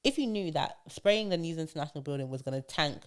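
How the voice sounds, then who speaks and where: A woman with a low-pitched voice co-hosts a podcast in relaxed, casual chat. She talks in an animated way and often slips into mocking impressions of posh speakers. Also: quick pace, smooth. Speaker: podcast co-host.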